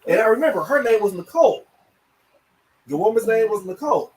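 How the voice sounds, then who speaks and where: A man's voice: high-pitched, lively intonation, brisk, far from the mic, low-quality recording. A man telling stories in casual chat, acting out quotes and laughing often.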